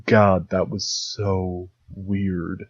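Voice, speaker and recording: A young man talks through a solo podcast at a slow, unhurried pace, his voice sitting a little low. He rambles with dry sarcasm and drops into mocking impressions. The recording is dull, lo-fi and dry. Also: flat delivery, husky, no echo. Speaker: podcast host. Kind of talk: solo comedic podcast monologue.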